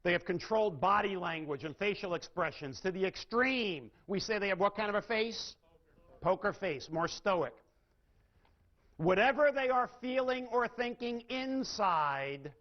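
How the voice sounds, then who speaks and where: A man giving a live sales training lecture, asking his audience questions and changing his emphasis and pace. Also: high voice. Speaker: seminar speaker. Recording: dull lo-fi recording.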